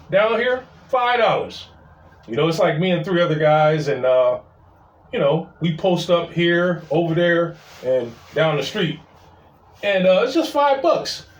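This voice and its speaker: Animated male storyteller, high voice, casual; roomy, distant recording. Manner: animated, repeats "I was like". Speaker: storyteller, city parking attendant.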